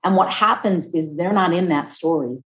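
A woman in her fifties talking casually and warmly about marriage, acting out other people's voices as she tells stories. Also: lowish voice, normal speed. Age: 50s. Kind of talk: casual heartfelt conversation. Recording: echoey room.

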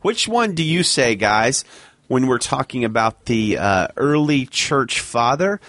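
A man's voice: mid-range voice, big pitch swings, measured pace, a bit bright, no room sound. Male podcast co-host, teasing, explains topics, dry studio sound. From Alabama. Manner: bantering, reads quotes aloud. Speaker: podcast co-host, segment presenter. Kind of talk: casual chat.

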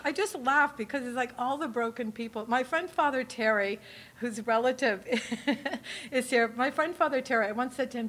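A woman tells her story to a live audience in a bright, slightly high voice, chatty and rambling, with frequent laughs and fillers. Her speech comes across as warm and unscripted. A faint hum of room noise sits underneath. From New Hampshire. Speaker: speaker giving a testimony talk.

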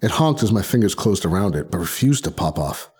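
A man's voice: sits low, very animated, a little fast, darkish tone. A man narrating a short story in the first person, reading expressively and voicing the characters. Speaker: podcast narrator. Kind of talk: audiobook narration.

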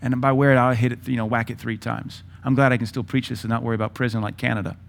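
A man's voice: medium pitch, fairly even intonation, very fast, gravelly. A man in his thirties preaching a sermon in a blunt, folksy way, acting out his children's voices. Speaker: pastor.

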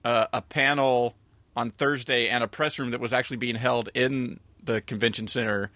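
A man's voice: medium pitch, fairly even intonation, moderate pace, bright, forceful tone, no room sound. A man co-hosting a podcast in casual chat, rambling and correcting himself as he goes. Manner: rambling, self-correcting, chuckles often. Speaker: podcast co-host.

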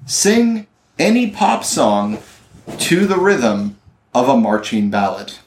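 A man's voice: medium pitch, very animated, takes it slowly, echoey room, slight background noise. A man narrating as game master in a tabletop game, chatty and joking. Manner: chatty, joking, laughs often.

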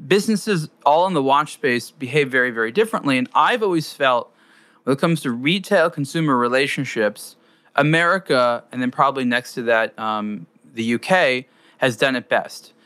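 A man hosting a conversation, his voice bright and smooth. He builds his question in a measured, articulate way, and the recording is dry and close. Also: medium pitch, no room sound. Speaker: host, interviewer. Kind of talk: conversational interview.

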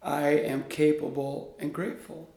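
A man guest in an interview, a coach speaking in an earnest, animated storytelling way. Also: on the high side, unhurried. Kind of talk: conversational interview. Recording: echoey room.

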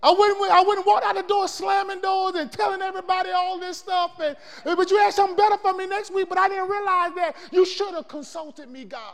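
A man with a very high voice preaches a sermon, calling out to the congregation and asking them for answers. His delivery swings from shouting to hushed, and a long reverb hangs behind every word. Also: fairly even intonation, a little fast, hardly any pauses.

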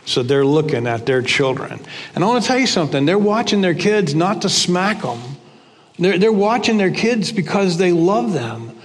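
A man's voice: high-pitched, big pitch swings, normal speed, long reverb tail. An older man preaching a conversational sermon to his church, repeating phrases for emphasis. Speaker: pastor. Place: church sanctuary.

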